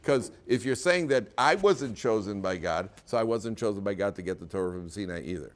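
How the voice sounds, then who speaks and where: A man's voice: lowish voice, brisk. A man, a rabbi, giving a Torah lecture to students in a classroom, telling the story vividly and acting out the characters. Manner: lively storytelling, acts out characters.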